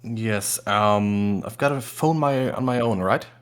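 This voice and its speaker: A man playing a tabletop game, asking unhurried, tentative questions. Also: fairly low pitch. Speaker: player.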